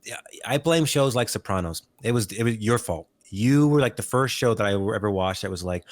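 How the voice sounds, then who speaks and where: A man co-hosting a podcast in casual chat, giving opinions in a measured way and repeating words as he thinks. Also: fairly low pitch, no echo. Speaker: podcast co-host.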